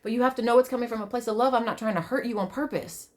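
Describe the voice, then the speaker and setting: A woman speaking in a fairly high voice in a raw, emotional vlog monologue. She curses freely and repeats phrases over and over, shifting between loud outbursts and hushed, gentle reassurance. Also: rapid-fire. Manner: swears often, repeats herself, swings from loud to soft. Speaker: vlogger.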